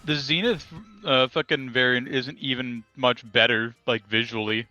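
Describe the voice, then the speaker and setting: Bright-voiced young man chatting about games. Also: mid-range voice, fairly even intonation, normal speed, dry recording, muffled recording, soft background music. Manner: enthusiastic, swears, quizzes friends about monster trivia. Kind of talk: casual chat.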